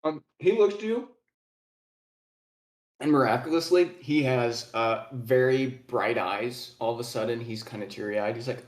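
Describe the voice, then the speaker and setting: A man's voice: mid-range voice, a little slow. A man narrating a tabletop game as game master, loose and laughing, full of fillers and swearing. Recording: echoey room.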